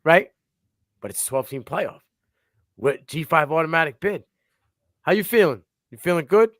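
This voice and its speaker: A male co-host giving animated, profane takes on a sports talk livestream. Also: a little high, normal speed, no echo, clean studio sound.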